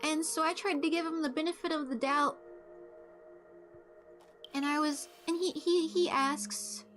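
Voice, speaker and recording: With a high, slightly bright voice, this young female streamer relates a story casually and bluntly, cracking jokes and cursing. She keeps halting and starting over, staying laid-back throughout.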